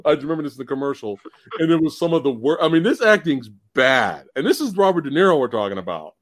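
A man hosting a casual live-stream podcast about movies, animated, laughing often and swearing casually. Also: fairly high pitch, fast, no echo. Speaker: podcast host.

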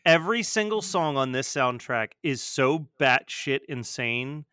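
Bright, animated man chatting. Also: mid-range voice, measured pace, clean tone, dry recording, clean studio sound. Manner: animated, swears freely, riffs on a show. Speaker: podcast co-host. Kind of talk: casual chat.

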